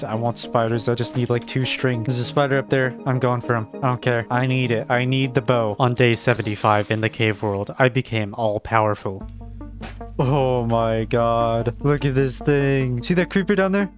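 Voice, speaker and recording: A man narrating his own gameplay in a wry, casual way, breaking into jumpy, excitable reactions. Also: medium pitch. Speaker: gaming video creator. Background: background game music.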